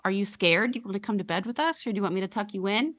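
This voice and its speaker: A woman's voice: mid-range voice, expressive, very fast, a bit bright, no room sound, voice pushed up. Frightened young mother read by a woman, pleading and tense, dry close-miked sound. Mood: pleading scared. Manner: pleading, anxious.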